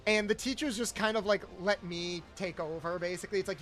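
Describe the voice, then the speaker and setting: This young man hosts a stream, talking a little fast in a high-sitting, fairly bright voice as he plays. His casual chat drifts into rambling anecdotes where he performs each quoted person.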